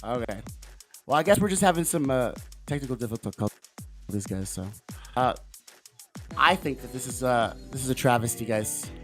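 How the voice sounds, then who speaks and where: A man hosting a political livestream, talking in a fervent, rambling way with big swings in loudness. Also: medium pitch, lively intonation, normal speed, long pauses, soft background music. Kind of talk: casual political livestream commentary.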